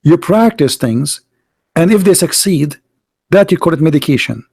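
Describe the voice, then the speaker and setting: A man with a somewhat high voice holds forth in an argumentative monologue. He is emphatic and scornful and repeats words for force. He swings between loud outbursts and low, muttered asides. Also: lively intonation, normal speed, vocal fry, breathy edge. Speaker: street debater.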